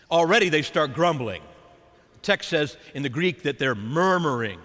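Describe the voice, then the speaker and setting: A man preaching a sermon as a priest, animated and acting out the voices of scripture. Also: on the high side, normal speed. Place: church. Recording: long church reverb.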